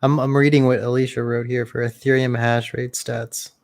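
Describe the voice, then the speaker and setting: Man from Mexico, podcast co-host, casual chat, dry teasing, mid pitch. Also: flat delivery, moderate pace.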